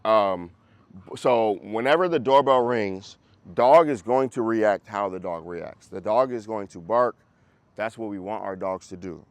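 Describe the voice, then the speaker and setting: With a fairly low voice on a dry recording, a man coaches a dog-training group class on a video call in a relaxed, conversational style, regularly confirming listeners follow along.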